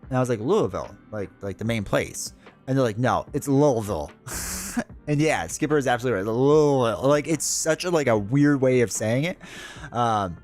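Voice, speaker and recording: A man talks loosely and casually to his stream chat, drifting from one story to the next with frequent laughs. His voice sits at an everyday middle pitch, with soft music playing faintly behind him. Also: lively intonation, normal speed. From United States. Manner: rambling, chatty, laughs often. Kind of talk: casual livestream chat with viewers.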